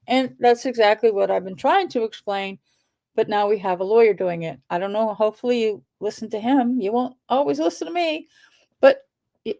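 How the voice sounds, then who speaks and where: A woman's voice: a little high, moderate pace, creaky, mellow. A woman giving casual, rambling commentary on local town issues, often correcting herself mid-sentence. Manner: chatty and rambling, with self-corrections. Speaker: local video blogger covering town issues.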